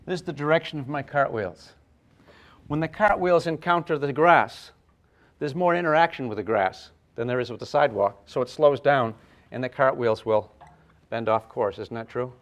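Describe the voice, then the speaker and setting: An older man teaching a physics class, lively and playful, with sound effects and acted asides. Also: mid-range voice, moderate pace. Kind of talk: classroom lecture at a whiteboard.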